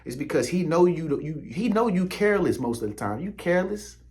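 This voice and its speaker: A man's voice: fairly high pitch, sing-song, fairly quick, darkish tone. Slangy preachy man talking straight to you. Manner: preachy, slangy, repetitive, addresses viewer directly. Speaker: spiritual content creator. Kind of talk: casual motivational spiritual talk.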